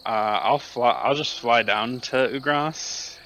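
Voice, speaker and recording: A man's voice: mid-range voice, slow, a bit bright, a little hiss or hum. A man playing a tabletop game, talking hesitantly and swearing casually. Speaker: player. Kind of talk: casual chat while playing.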